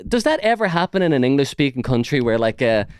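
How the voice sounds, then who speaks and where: Irish man with a smooth, crisp voice. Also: medium pitch, very animated, fast talker, dry recording. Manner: sweary, mocking, loose rambling delivery. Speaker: podcast host. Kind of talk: casual chat.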